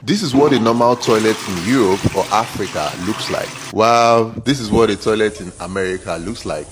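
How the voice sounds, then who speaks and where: A man's voice: fairly low pitch, moderate pace, soft background music. A man complaining sarcastically in a casual vlog rant.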